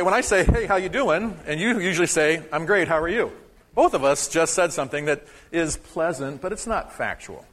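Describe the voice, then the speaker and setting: A man's voice: fairly high pitch, fairly bright tone, in a large hall. A man preaching a sermon to his congregation in a conversational, joking way, teaching a short lesson. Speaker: pastor. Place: church sanctuary.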